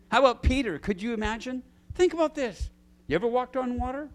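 A middle-aged man preaching a sermon to his small church, acting out scripture with big swings in pitch and loudness. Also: big pitch swings, normal speed, long pauses. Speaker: pastor.

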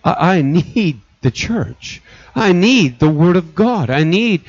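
A man's voice: high voice, sing-song, takes it slowly, no room sound. A middle-aged male pastor preaching a sermon, earnest and repetitive, circling back to restate his points. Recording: dull lo-fi recording.

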